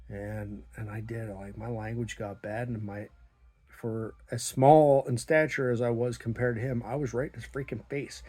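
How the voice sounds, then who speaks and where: A middle-aged man telling a story about his small business in a blunt, profane, animated way, acting out the dialogue. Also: fairly low pitch, normal speed, slightly rough. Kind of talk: casual storytelling monologue.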